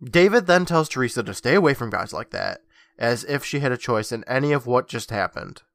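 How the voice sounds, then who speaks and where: A man's voice: mid-range voice, lively intonation, brisk, creaky, fairly bright tone. A young man co-hosting a podcast, recapping an episode in casual chat with a wry, mocking tone and frequent laughter. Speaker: podcast co-host.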